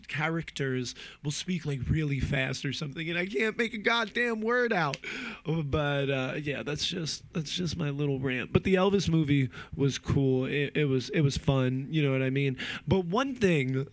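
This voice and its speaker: A man's voice: on the high side, no echo. A man from New Jersey in a casual rant, rambling with lots of fillers and swearing. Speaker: movie reviewer.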